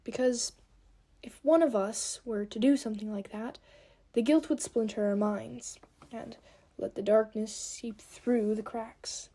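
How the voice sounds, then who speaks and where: A woman voicing a gentle, grieving elf father who speaks softly and sighs. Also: a little high, steady tone, a little slow. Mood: somber. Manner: soft and heavy, often sighing.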